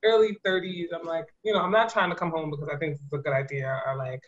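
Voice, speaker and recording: A woman in her thirties from New Jersey, a guest in an interview, telling her story in a lively way with laughs and acted-out quotes. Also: low-pitched, quick pace, slight background noise. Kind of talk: conversational interview. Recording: muffled lo-fi audio.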